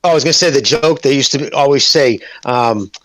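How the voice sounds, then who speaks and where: A man's voice: medium pitch, fairly quick, fairly bright tone, dry recording. A man in casual podcast chat, laughing along and swearing casually as he recalls old jokes.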